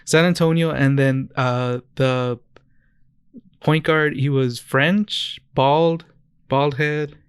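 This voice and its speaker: A young man from the States chats on a podcast, wandering through anecdotes and restarting his sentences as he goes. His voice sounds smooth and clear. The mic is close and dry, with no room sound. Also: mid-range voice, steady tone, very slow, dry recording. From United States. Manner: rambling storyteller, restarts often. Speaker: podcast co-host. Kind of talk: casual chat.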